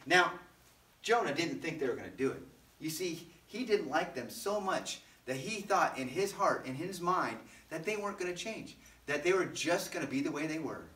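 A man leading a children's service, telling a Bible story in a playful way with sound effects. His voice is bright, sits fairly high, and swings widely. The room echoes, and he is a bit distant from the mic. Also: animated, normal speed. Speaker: children's pastor. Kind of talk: animated Bible storytelling for kids.

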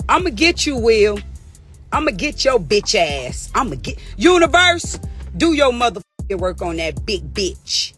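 A high-voiced middle-aged woman going off in a profane, heated livestream rant from her car. She taunts and trash-talks, sometimes sliding into a mocking sing-song, with faint music playing behind her. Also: very animated, measured pace, fairly bright tone. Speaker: social media personality.

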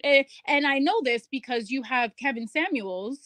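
A woman's voice: sits high, expressive, a little fast, few pauses, fairly bright tone, no echo. A woman in a played clip making an argument, citing studies and arguing point by point. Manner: cites studies, argues point by point. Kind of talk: argumentative commentary.

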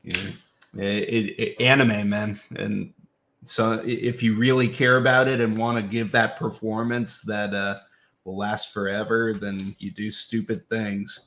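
A man's voice: on the low side, flat delivery, measured pace, fairly bright tone. A young adult man, a voice actor, chatting casually in a live Q&A while signing autographs. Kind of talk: casual live-stream Q&A chat. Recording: roomy echo.

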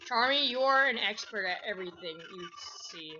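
A woman's voice: mid-range voice, animated, fairly quick, sharp tone, highs cut off, slight background noise. A woman giving let's-play commentary, rambling through asides and breaking into yelps and squeals. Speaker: gameplay commentator. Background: faint game music.

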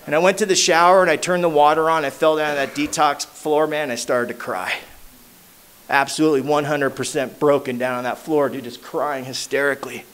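A man speaking at a recovery meeting, telling his own story in a casual, slangy way and going quiet at the hard parts. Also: fairly high pitch, steady tone, a little fast, clean tone. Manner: casual, slangy storytelling, dropping to a hushed voice at emotional moments. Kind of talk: personal recovery story told to a crowd. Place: meeting hall.

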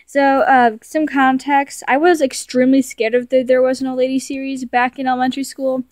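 A woman's voice: high-pitched, fairly even intonation, a little fast, hardly any pauses, a little mellow, dry recording, clean studio sound. A young woman video creator rambling in casual commentary as she reads her childhood stories aloud, self-mocking, stumbling and correcting herself.

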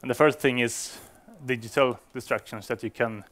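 A man's voice: mid-range voice, fairly even intonation, normal speed, fairly bright tone. A man giving a conference talk to developers, speaking English as a non-native speaker, with frequent fillers and restarts. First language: Swedish. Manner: hesitant, many fillers and restarts.

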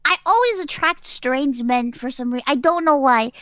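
A woman's voice: high-pitched, lively intonation, normal speed, a bit bright, no echo, clean studio sound. A young woman on a voice call, telling a story animatedly and laughing often. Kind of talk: casual group chat.

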